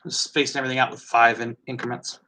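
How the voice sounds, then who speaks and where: A man's voice: medium pitch, little pitch movement, quick pace, bright, forceful tone, slight background noise. A man with a Midwestern American accent hosting a casual live tasting, chatty and musing aloud as he goes. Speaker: host.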